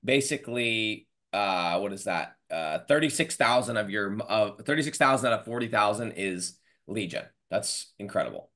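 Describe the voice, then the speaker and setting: A man in his thirties hosting a podcast over a video call, talking fast and casually with lots of "dude" and "bro". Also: lowish voice. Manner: energetic, slangy, says dude and bro. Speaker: podcast host. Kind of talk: casual interview chat.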